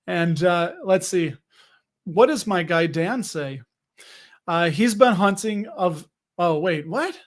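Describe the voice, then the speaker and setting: A man's voice: on the high side, lively intonation, measured pace. A young man hosting a casual livestream, talking with viewers in a rambling, jokey way full of fillers and restarts. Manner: chatty, rambling, jokey, with frequent fillers and self-interruptions. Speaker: livestream host reading viewer comments. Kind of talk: casual livestream chat about dividend investing.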